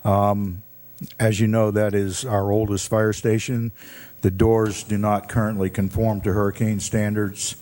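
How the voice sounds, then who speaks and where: A man speaking as a fire chief, answering questions at a city meeting in a measured, explanatory way with frequent ums. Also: on the low side, flat delivery, darkish tone.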